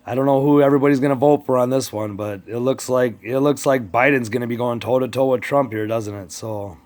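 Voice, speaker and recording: Talking fairly quickly in a darkish, mid-range voice, a male vlogger delivers a casual rant to the camera. He rambles and curses while speaking straight to absent politicians for his viewers' benefit.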